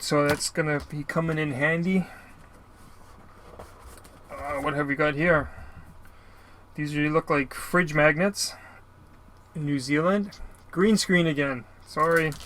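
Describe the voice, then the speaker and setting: Guy rambling slowly thru a mail unboxing, keeps saying sorry, kinda high voice, faint hiss behind. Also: fairly bright tone. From Canada. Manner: rambling, apologetic, lots of filler. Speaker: YouTuber opening mail. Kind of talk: casual unboxing vlog.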